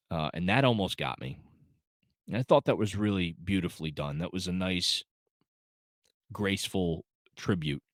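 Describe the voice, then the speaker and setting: A man's voice: low voice, no room sound, studio quality. A man casually reviewing a film, rambling with many fillers and restarts, choked up and holding back tears. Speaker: movie reviewer.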